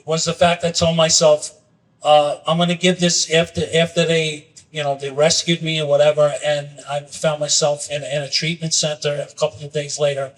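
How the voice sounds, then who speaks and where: A man's voice: on the high side, distant mic, rough recording. A man talking as a podcast guest, earnestly telling a story and acting out its characters in a raised voice. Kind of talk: candid conversation with storytelling.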